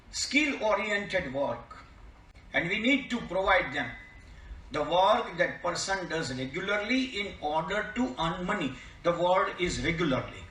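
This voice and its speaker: A man's voice: a little high, pushed and bright. An older man with a Gujarati accent giving a formal keynote lecture, stressing single words and asking the audience rhetorical questions. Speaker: keynote speaker. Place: college seminar hall. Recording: echoey hall, distant mic.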